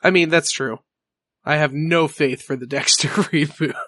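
A man narrating as game master of a tabletop game, laid-back and casual, with halting fillers and offhand swearing. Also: a little high, fairly even intonation, pushed and bright.

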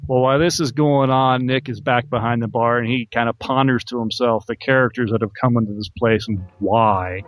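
A man's voice: medium pitch, steady tone, fairly quick, hardly any pauses. A man co-hosting a podcast, casually recapping film scenes with fillers and chuckles. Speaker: podcast co-host.

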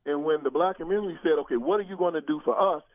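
A man's voice: very fast, dry recording. Older man preaching hard over a phone line. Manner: preacherly, emphatic, with sweeping rises in pitch. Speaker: guest commentator. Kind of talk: political talk show conversation.

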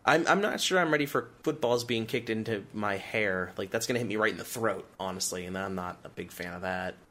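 A man's voice: on the low side, fairly quick, bright, forceful tone. Joking man hosting a podcast. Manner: joking, teasing. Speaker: podcast host. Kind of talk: casual chat.

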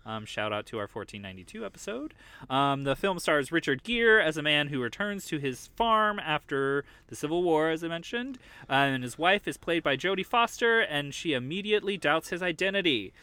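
A man's voice: a little high, big pitch swings, brisk, bright, forceful tone, clear, resonant tone, no echo. A young man hosting a podcast about films, chatting casually and joking with many fillers. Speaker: podcast host. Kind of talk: casual chat.

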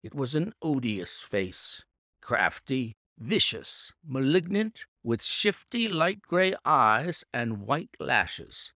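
Lively, gravelly male storyteller. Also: mid-range voice, no echo, studio quality. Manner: measured, theatrical storytelling. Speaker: audiobook reader. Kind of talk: scripted narration.

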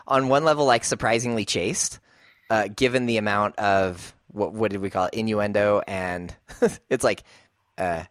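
Low-voiced man musing on a podcast. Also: a bit bright, no room sound. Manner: thoughtful, searching for words, laughs often. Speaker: podcast co-host. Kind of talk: casual chat.

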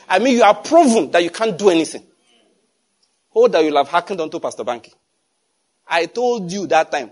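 A man with a Nigerian accent preaching a conversational, digressive sermon, swinging from hushed asides to loud emphasis. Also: high-pitched, husky. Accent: Nigerian English. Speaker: pastor.

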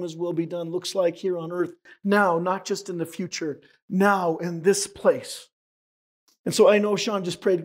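A hoarse pastor whose voice is giving out, preaching a sermon to his congregation in an earnest, emotional, conversational way. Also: high-pitched, darkish tone. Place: church sanctuary.

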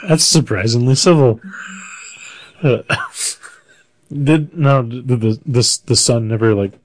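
A man's voice: medium pitch, slow pace, rough recording. A man co-hosting a casual talk show, mostly reacting with brief questions and laughs. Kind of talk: casual chat.

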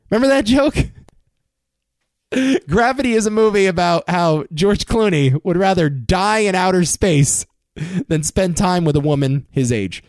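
A man with a high voice rattles through entertainment news in a casual host's rundown, his pitch leaping up and down. He throws in wry, sarcastic asides. The sound is dry and close, with no room around it. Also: darkish tone, no room sound. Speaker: podcast host.

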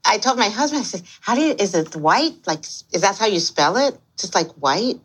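An older woman hosting a podcast, bubbly and quick to laugh as she chats casually. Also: medium pitch, very animated, slightly rough. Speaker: podcast host.

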